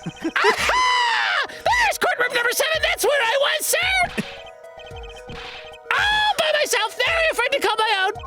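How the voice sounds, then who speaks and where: An eager, overwrought male court bailiff bellows and wails every line, as a woman puts him on for a game reading. His voice sits high and leaps wildly, strained to the edge of shouting. Faint music plays behind. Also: sing-song, a little slow, full character voice. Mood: dramatic yelling. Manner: over-the-top shouting, strained wailing. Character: loud eager male court bailiff, always yelling sir. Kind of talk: let's play voice reading.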